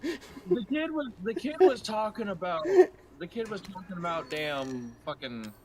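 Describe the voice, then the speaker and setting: High, lively man bantering on stream. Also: a little slow, over a noisy crowd. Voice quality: animated storyteller, swearing, trailing off mid-sentence. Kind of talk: casual gaming stream banter.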